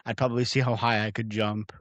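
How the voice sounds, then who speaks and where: A man's voice: lowish voice, little pitch movement, fast talker, fairly bright tone, no room sound. A middle-aged Canadian man co-hosting a podcast, chatting in a playful, jokey way. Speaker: podcast co-host. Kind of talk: casual chat.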